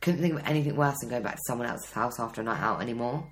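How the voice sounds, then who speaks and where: This is a young woman in her twenties, co-hosting a casual podcast chat. Her voice sits remarkably low for a woman, and she answers in a blunt, dry, no-nonsense way. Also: expressive, racing. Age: 20s. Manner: blunt, dry, matter-of-fact. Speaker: podcast co-host.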